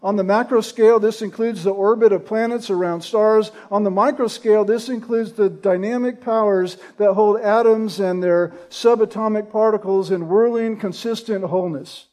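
A man preaching a sermon, deliberate and emphatic, building in intensity on key points. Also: high voice, steady tone, a little mellow.

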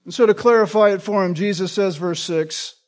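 A man's voice: high-pitched, fairly quick. A man preaching a sermon as pastor, explaining earnestly and often asking listeners "right?" to check in.

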